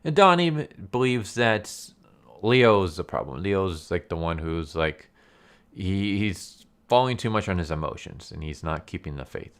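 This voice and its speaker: A man's voice: deep voice, lively intonation, measured pace, fairly bright tone, clear, resonant tone. A man casually recapping a comic story, rambling with many fillers and frequent laughs. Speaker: comic book review YouTuber.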